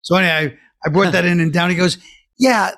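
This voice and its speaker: A man's voice: high voice, little pitch movement, very fast, a bit bright, no echo. A man, a guest comedian, telling rambling anecdotes in a dry way. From Brooklyn, New York. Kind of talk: casual chat, storytelling.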